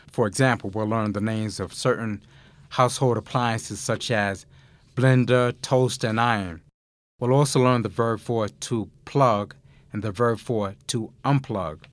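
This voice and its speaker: A man hosting a recorded language course, explaining grammar mistakes and giving listen-and-repeat prompts in a measured, clearly enunciated way. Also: medium pitch, no room sound. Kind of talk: scripted Spanish lesson narration.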